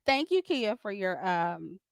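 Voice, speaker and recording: A woman's voice: medium pitch, creaky, dry recording, clean studio sound. A woman hosting a livestream, ranting at critics in a confrontational, profane way, laughing often as she reads super chats.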